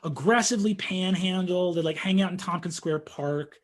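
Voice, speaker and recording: A young man telling a story in casual conversation, animated and full of fillers, acting out what people said. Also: sits high, moderate pace. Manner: animated storytelling, acts out quotes, frequent fillers.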